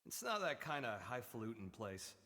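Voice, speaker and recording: An actor playing a sardonic game character trading dry jokes. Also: male voice, medium pitch, big pitch swings, normal speed, bright, forceful tone, big-room sound. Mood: wry. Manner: dry, joking banter.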